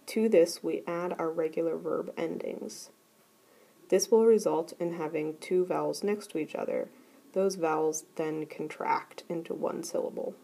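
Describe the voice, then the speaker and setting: A woman teaching a recorded grammar lesson, explaining clearly and methodically. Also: lowish voice, warm tone. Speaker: Greek teacher.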